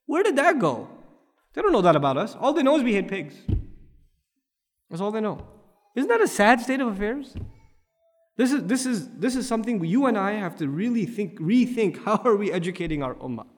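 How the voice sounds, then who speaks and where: A man's voice: high voice, big pitch swings, fairly quick, big-room sound. A man preaching a sermon, firing off rhetorical questions and building to emphatic peaks. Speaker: Islamic preacher.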